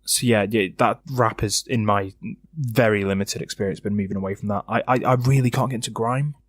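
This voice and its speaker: A man's voice: on the low side, fairly even intonation, a little fast, dry recording, clean studio sound. A man co-hosting a casual music podcast, blunt and opinionated. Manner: blunt, opinionated, hums riffs aloud. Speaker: podcast co-host. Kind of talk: casual chat about music.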